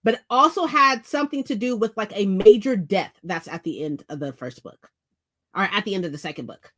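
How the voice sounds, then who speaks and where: A woman hosting a book vlog, chatting casually to her viewers at home, animated and profane, repeating phrases for emphasis. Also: medium pitch, fairly quick. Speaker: book vlogger host. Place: indoors at home.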